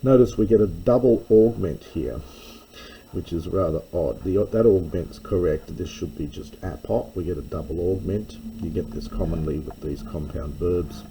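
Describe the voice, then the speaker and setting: A man's voice: low voice, normal speed, vocal fry, mellow, slight background noise, poor audio. A man teaching a verse-by-verse lesson on Greek scripture, thinking aloud with fillers and self-corrections. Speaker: Bible teacher.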